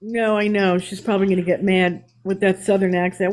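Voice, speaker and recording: A woman's voice: medium pitch, flat delivery, a little fast, darkish tone, rough recording. A woman with a New York accent hosting a live stream, talking candidly in casual chat with restarts. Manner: chatty, candid, with restarts and laughs.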